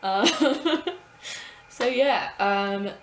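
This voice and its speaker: A young woman telling an embarrassing story from childhood to camera, animated and swearing freely as she acts out her own thoughts. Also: fairly high pitch, extremely slow, reverberant, slight background noise. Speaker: vlogger. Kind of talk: casual storytime monologue.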